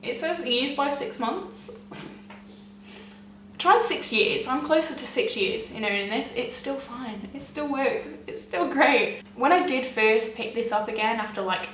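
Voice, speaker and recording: A young woman gushing excitedly to camera as a beauty vlogger, chatty and often laughing. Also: high voice, a little slow, a little hiss or hum. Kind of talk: casual chat to camera. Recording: echoey room, mic at a distance.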